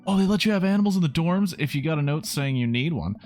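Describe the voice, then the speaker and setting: A cheerful, lightly teasing teenage daughter from a video game, voiced by a man. She talks a bit higher and faster than his own voice. Faint music plays behind her. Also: animated, darkish tone, lightly acted. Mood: playful. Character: cheerful teenage girl, college-bound daughter.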